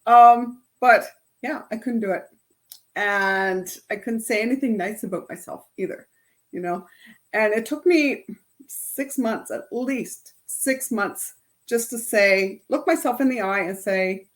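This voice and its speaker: Speaking a little slowly in an animated, higher-pitched voice, a middle-aged woman life coach runs a chatty self-help workshop for a group. She often finishes her points with "right?".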